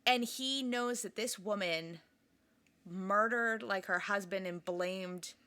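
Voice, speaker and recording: A woman's voice: medium pitch, takes it slowly, sharp tone, clear, resonant tone. A woman co-hosting a podcast, chatting casually about a book and its film, laughing often and trailing off mid-sentence. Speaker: podcast co-host.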